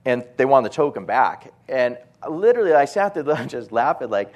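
A male preacher in a mid-range voice tells lively, self-mocking anecdotes from the pulpit. He keeps slipping into voiced impressions of the people in his stories. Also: mid-range voice, moderate pace, highs cut off. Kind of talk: storytelling sermon.

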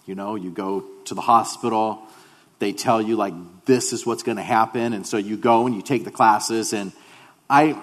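A man's voice: on the low side, big-room sound. A male pastor giving a sermon, telling a personal story in a humorous, conversational way.

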